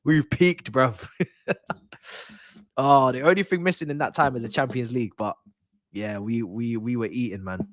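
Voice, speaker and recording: A man's voice: mid-range voice, moderate pace, pauses often, dry recording, clean studio sound. Young man chatting over football. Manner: laughing, nostalgic banter with slang, loud bursts at near-misses. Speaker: watch-along streamer. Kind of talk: casual football watch-along chat.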